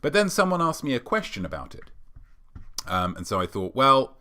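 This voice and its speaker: A man's voice: medium pitch, wildly swooping pitch, normal speed, sharp tone. A British man hosting a weekly live show alone, delivering a sarcastic, mock-smug comedic monologue. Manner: sarcastic, mock-smug, playfully self-aggrandizing.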